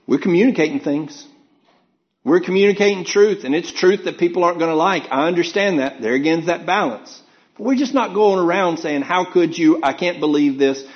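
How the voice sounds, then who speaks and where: A man's voice: medium pitch, lo-fi sound. A man giving a conversational sermon, earnest and thinking aloud with frequent restarts. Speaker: preacher teaching a Bible class.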